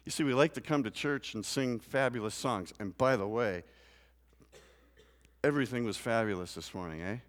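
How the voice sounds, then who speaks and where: A man preaching a sermon in a church, moving from quiet scripture reading to loud, rising emphasis. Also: medium pitch, moderate pace. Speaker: pastor. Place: church sanctuary. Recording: long church reverb.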